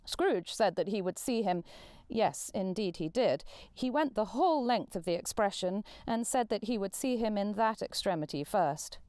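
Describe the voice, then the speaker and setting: Expressive woman reading a classic aloud. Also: mid-range voice, dry recording, studio quality. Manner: expressive, measured narration. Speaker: volunteer reader.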